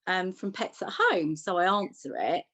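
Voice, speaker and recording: A woman with a slightly low voice tells personal stories in a relaxed conversation. She talks chattily and with humour, restarting her sentences now and then. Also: normal speed, husky, no room sound, low-quality recording. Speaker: podcast co-host.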